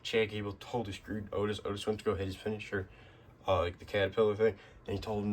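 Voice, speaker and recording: A man's voice: on the low side, little pitch movement, quick pace, a little hiss or hum. A man giving a casual, rambling spoken recap with lots of fillers and restarts. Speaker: wrestling recap host.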